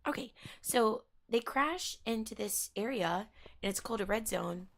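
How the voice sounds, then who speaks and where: A woman chatting casually while she plays a video game, rambling through a story and reacting out loud to the game. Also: a little high, animated, moderate pace. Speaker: gaming streamer. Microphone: headphones on.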